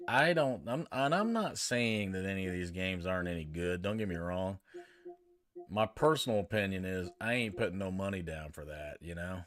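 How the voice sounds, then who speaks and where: A man's voice: sits low, lively intonation, moderate pace, a bit bright, no room sound. An older man hosting a game review channel, reacting in a blunt, grumbling, plainspoken way. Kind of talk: casual reaction commentary.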